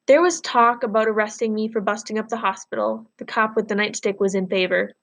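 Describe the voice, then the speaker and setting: A woman teacher reading a novel aloud to her class, pausing to explain words and ask questions. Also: mid-range voice.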